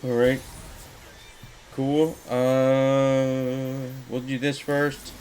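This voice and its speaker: A man's voice: mid-range voice, little pitch movement, extremely slow, darkish tone, slight background noise, poor audio. A young man giving casual, rambling commentary over his own card-game run, full of fillers and mild frustration. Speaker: gaming YouTuber.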